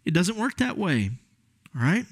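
A man delivers a sermon in a talky, emphatic way, turning to his listeners with quick asides. His voice sits a little high for a man. The recording is dry, with no room sound. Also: big pitch swings, no room sound. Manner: conversational, emphatic preaching with asides to the congregation. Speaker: pastor.

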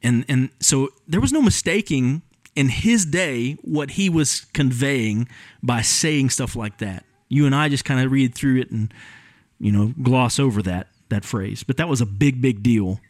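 This is a man with a mid-range voice, speaking unhurriedly and without echo, as a pastor preaching expository-style in a church sanctuary. He walks through the text earnestly, defining words along the way, and says "um" a lot.

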